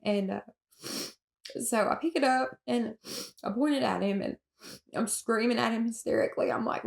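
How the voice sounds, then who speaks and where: A Southern woman from Alabama, recounting her own story in an interview in a halting way, with many fillers and restarts and nervous laughs. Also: a little high, gravelly. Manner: emotional, with nervous laughs at hard moments.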